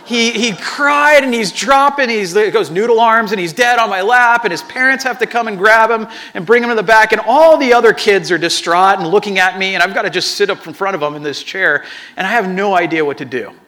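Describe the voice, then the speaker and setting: A man giving a sermon, telling a personal story with animated acted-out dialogue and frequent restarts. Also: sits high, fairly quick.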